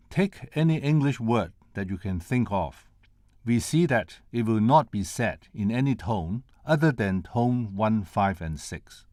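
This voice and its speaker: A man's voice: fairly low pitch, expressive, unhurried, darkish tone, no room sound, studio quality. An older man from Hong Kong giving a prepared conference lecture, carefully sounding out tones and syllables one at a time to demonstrate them. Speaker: presenter at a conference.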